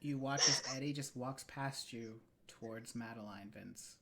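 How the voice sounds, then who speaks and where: A game master narrating a tabletop role-playing game slowly, with dramatic pauses. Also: medium pitch, fairly bright tone.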